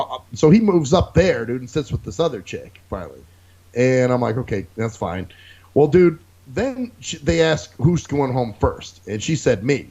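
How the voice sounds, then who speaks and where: A man's voice: mid-range voice, darkish tone. A man co-hosting a casual podcast, telling a profane story and acting out other people's lines. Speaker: podcast co-host. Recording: dull lo-fi recording.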